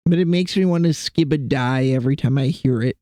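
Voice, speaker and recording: A man's voice: mid-range voice, a little fast, warm tone, no echo. A young man streaming from his computer desk at home, rambling and joking with his chat and talking to his cats. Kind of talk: casual live-stream chat.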